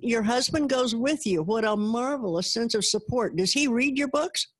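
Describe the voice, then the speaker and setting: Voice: medium pitch, moderate pace. An interview host asking an author polite, encouraging questions.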